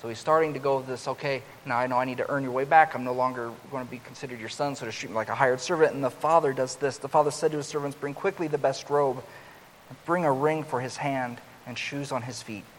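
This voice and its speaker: A man preaching a sermon, growing louder and higher as he acts out the older son's complaint. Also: fast. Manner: rises loud and high when acting out the older son's complaint. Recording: long hall reverb with faint hiss.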